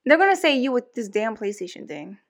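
A woman's voice: on the high side, big pitch swings, fairly quick. A young woman co-hosting a podcast, venting bluntly in casual chat and swearing freely. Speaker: podcast co-host.

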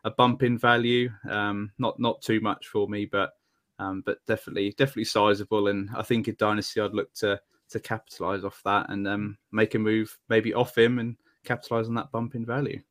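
A man's voice: fairly low pitch, flat delivery, brisk, fairly bright tone. A man co-hosting a sports podcast, talking through his views in an easygoing way. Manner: easygoing, analytical, with repeated words. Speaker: podcast co-host. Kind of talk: casual podcast chat.

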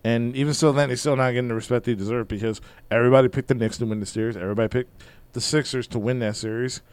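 Fast-talking man breaking down basketball. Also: mid-range voice, steady tone, a little mellow, clean tone, no room sound. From Philadelphia. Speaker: sports podcast co-host. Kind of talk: casual sports chat.

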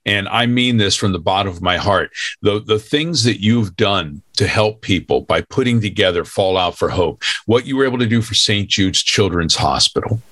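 Earnest low-voiced man, dry sound. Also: normal speed, fairly bright tone, no echo. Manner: earnest and emotional, effusive praise. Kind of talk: heartfelt panel talk.

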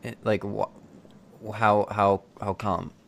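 A man hosting a podcast over a video call, joking and teasing his co-host in easy casual chat. His voice sits a little low. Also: flat delivery, takes it slowly, gravelly, a bit bright, a little hiss or hum.

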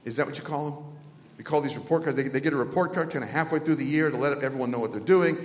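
A man preaching a sermon, telling stories with feeling, from loud exclamations down to hushed near-whispers. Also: fairly high pitch, fast talker. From North Carolina. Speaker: pastor. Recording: echoey hall with long reverb.

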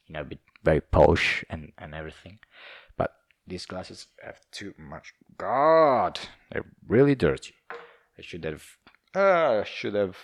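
A man's voice: deep voice, creaky, no echo, studio quality. A young man speaking English, hosting a casual, rambling solo podcast chat, swearing and laughing as he wanders between topics. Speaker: podcast host.

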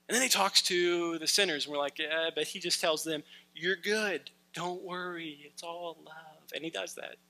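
A man's voice: on the high side, creaky, pushed and bright, rough recording. A man in his thirties preaching a casual, conversational sermon, acting out quoted lines as he goes. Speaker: pastor.

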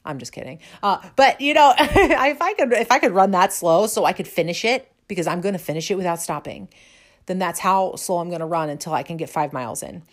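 A woman's voice: lowish voice, lively intonation, brisk. A woman who teaches fitness, telling a personal story in a chatty, self-deprecating way with many fillers. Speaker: fitness instructor. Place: lives in a cold, snowy city.

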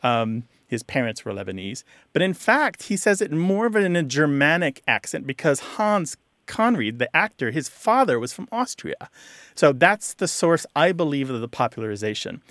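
A man co-hosting a radio show on language, explaining word origins to a caller in a chatty way with quick asides. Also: a little high, sing-song, a bit bright, dry recording, clean studio sound.

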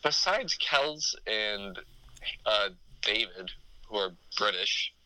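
A man co-hosts a podcast in crude, joking chat, swearing freely as he riffs. His voice sits on the low side but has a bright, sharp edge. The recording is dry and close. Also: animated, dry recording, poor audio. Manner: profane, joking, riffs with quick laughs. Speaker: podcast co-host.

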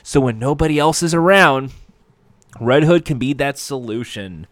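A man's voice: mid-range voice, moderate pace, no echo. A man giving a sarcastic, profane, rambling comedic recap of a TV episode.

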